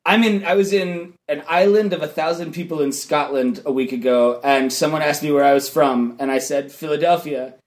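A man's voice: on the high side, steady tone. A man on a casual podcast eagerly telling a short anecdote. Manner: eager storyteller, rushes to speak.

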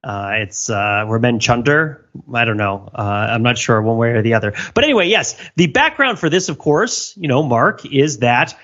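A man hosting a casual podcast with a lively, wandering voice that rises and falls a lot. He talks in a wry, rambling way, and the recording sounds a bit dull and muffled. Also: mid-range voice, moderate pace, hardly any pauses. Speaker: podcast host. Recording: slightly muffled podcast audio.

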